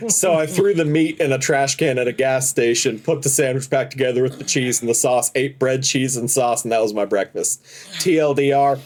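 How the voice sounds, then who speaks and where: A man's voice: medium pitch, moderate pace. Laughing man telling a road story. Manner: laughs through his own stories, animated retelling. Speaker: podcast co-host. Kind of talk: casual chat, storytelling.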